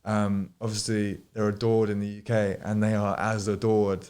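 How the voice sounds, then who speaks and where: A man's voice: fairly low pitch, level tone, moderate pace, darkish tone, clear, resonant tone. Swearing, rambling man telling tour stories. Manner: swears freely, rambling anecdotes with laughs. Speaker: podcast guest DJ. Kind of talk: casual chat.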